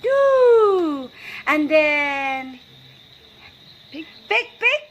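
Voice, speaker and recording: High, lively young woman coaxing a toddler. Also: drawn-out words, slight background noise. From northeast India. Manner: coaxing, playful, loud repeated questions. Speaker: older sister filming a toddler. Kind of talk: home video play with a toddler.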